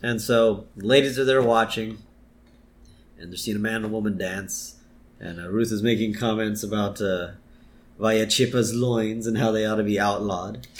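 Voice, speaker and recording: A man's voice: lowish voice, steady tone, normal speed, slight background noise. A man co-hosting a podcast, casually recapping a cartoon episode, often laughing and exclaiming. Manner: briefly acts out quoted lines in a raised voice. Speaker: podcast co-host.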